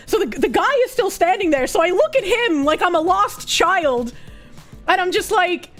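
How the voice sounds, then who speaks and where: A young woman streamer telling a story in casual chat, animated and profane, laughing often and acting out what others said. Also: extremely high pitch, normal speed, soft background music.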